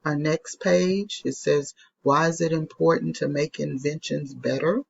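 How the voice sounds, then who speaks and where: A woman's voice: sits low, steady tone, measured pace, vocal fry, lo-fi sound. A woman teaching a recorded phonics lesson to young children, patiently sounding out letters and repeating them. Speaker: elementary school teacher.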